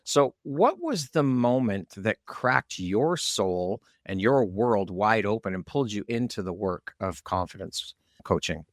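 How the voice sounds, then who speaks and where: A man's voice: fairly low pitch, animated, unhurried, hardly any pauses, no echo, studio quality. A man hosting a podcast interview, earnest and effusive as he introduces and questions his guest. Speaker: podcast host.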